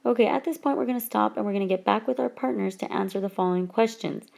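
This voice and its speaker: A woman teacher talks through a whiteboard lesson at a careful, deliberate pace, drawing out the example words for her students. Her voice sits in a middle pitch with a gravelly, fry-tinged texture. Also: a little mellow. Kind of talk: recorded classroom lesson. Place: voice-over for whiteboard slides.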